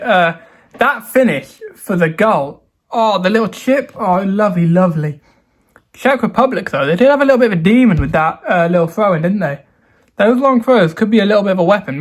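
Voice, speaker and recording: A man giving a casual, rambling football review, self-mocking and mock-solemn by turns. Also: sits high. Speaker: football vlogger.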